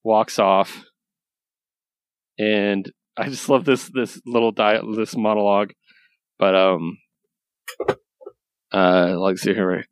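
Easygoing low-voiced podcast guy. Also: fairly even intonation, slow, pauses often, clear, resonant tone, no echo. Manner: loose and rambling, enthusiastic, swears casually. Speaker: podcast co-host reviewing comics. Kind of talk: casual chat.

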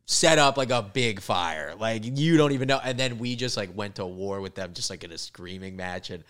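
A young man casually telling rowdy travel stories on a podcast, swearing a lot and loudly acting out the people in them. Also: lowish voice, lively intonation, moderate pace. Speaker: podcast guest. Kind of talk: casual storytelling.

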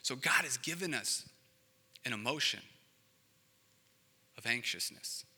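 A male pastor preaching in a relaxed, conversational way and slipping in joking asides. His voice is very bright and sharp, and it carries a long reverb from a big hall. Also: medium pitch, measured pace, breathy edge. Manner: casual and conversational, acting out quotes with joking asides. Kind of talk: sermon.

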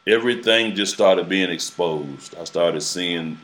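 Deep-voiced preacher, halting and earnest. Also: male voice, a bit bright. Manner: halting, repeats words often, earnest. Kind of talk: personal testimony in a casual interview.

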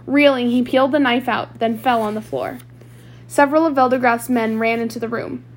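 A woman's voice: a little high, fairly even intonation, fairly quick. A woman reading a novel aloud chapter by chapter, with small slips and restarts. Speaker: audiobook reader.

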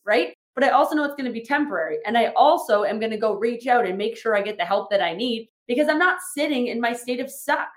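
A woman's voice: on the high side, fast talker, few pauses. Chatty, frank young woman in an echoey room. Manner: chatty, frank, swears often, many fillers. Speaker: podcast host and fitness trainer. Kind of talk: casual solo podcast talk.

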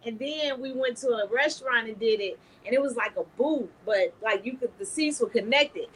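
Woman, podcast host, frank, bawdy, slightly high voice. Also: normal speed, a little hiss or hum, poor audio. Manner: frank, bawdy, laughing storyteller. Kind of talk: casual chat.

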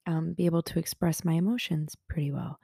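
Young woman, solo podcast host at home in bed; low, mellow, unhurried, rambling and self-mocking, often half-whispered. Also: steady tone, gravelly, slightly rough, no room sound, studio quality. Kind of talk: casual solo podcast chat. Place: bedroom at home.

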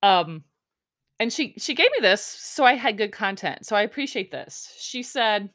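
A woman's voice: mid-range voice, expressive, normal speed, a bit bright. A woman hosting a podcast, recapping in a rambling, chatty way with lots of restarts and some swearing. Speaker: podcast host. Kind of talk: casual chat recap.

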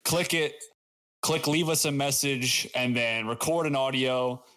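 A man's voice: medium pitch, a little slow, a bit bright. A man co-hosting a comedy podcast, riffing casually and joking about absurd scenarios. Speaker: podcast co-host.

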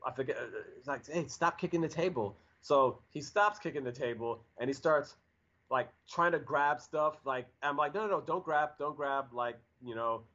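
A man's voice: a little high, normal speed, bright, forceful tone. A man in his forties telling a story in a casual chat, rambling with lots of fillers and restarts. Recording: dull lo-fi audio.

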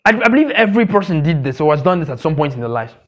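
A man preaching a sermon, emphatic and repetitive, asking his listeners questions and now and then mocking gossip in a squeaky voice. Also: sing-song, rapid-fire. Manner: emphatic, repeats key phrases, asks the congregation questions. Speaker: pastor.

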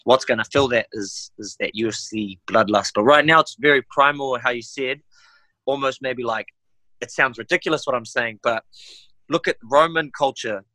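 Animated young New Zealand man, bright voice. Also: medium pitch, moderate pace, dry recording. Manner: animated, slangy, says "bro" and "eh". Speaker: MMA fighter guest. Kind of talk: casual podcast interview.

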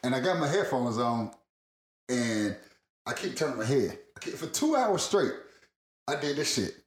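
A man's voice: mid-range voice, moderate pace, roomy sound. A man telling a long rambling story in casual podcast chat, laughing often and swearing freely. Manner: rambling, laughing, profane, animated.

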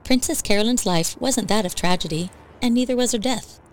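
A woman telling a ghost story as scripted narration for a podcast, in an even, measured way. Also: on the high side, a little hiss or hum.

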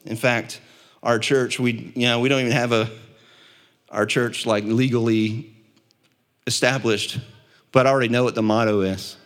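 A man preaching a sermon as pastor, building to impassioned peaks and dropping to quiet, low stretches. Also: fairly even intonation, moderate pace, long pauses. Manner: impassioned preaching, swelling louder and higher at peaks.

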